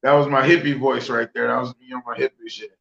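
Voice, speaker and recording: A man's voice: medium pitch, little pitch movement, fast talker, gravelly, fairly bright tone, lo-fi sound. A man co-hosting a podcast in casual chat, crude and joking and given to rambling. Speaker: podcast co-host.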